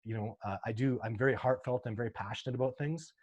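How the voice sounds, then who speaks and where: Man guest, earnest and heartfelt, rambling storyteller with many restarts, mid-pitched. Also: fast, a little mellow, slightly rough, highs cut off. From Canada. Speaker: sasquatch researcher guest. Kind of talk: casual interview talk.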